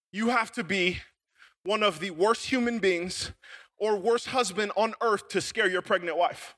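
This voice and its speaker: A young man preaching to a youth group in a casual, joking storytelling style, with lots of filler words like "like.". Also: sits high. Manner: animated and joking, with many fillers like "like". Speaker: youth pastor.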